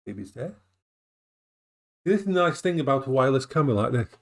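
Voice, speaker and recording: A man talks casually on a home live stream, his voice sitting at an ordinary middle pitch. He rambles from one thing to the next and breaks into cooing baby talk for his dogs. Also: big pitch swings, fairly quick, gravelly.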